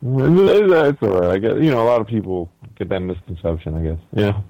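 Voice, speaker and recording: A man's voice: lowish voice, expressive, a little fast, dark tone, no room sound, low-quality recording. A young man co-hosting a podcast in casual chat, laughing easily and stumbling as he reads aloud. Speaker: podcast co-host.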